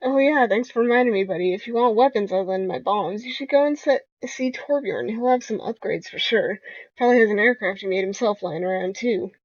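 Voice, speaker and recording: A woman voicing a manic, boastful male bomber, loud and excitable. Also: medium pitch, brisk, dry recording, lo-fi sound, natural voice. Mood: excited boasting. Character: manic male Australian junk-loving bomber.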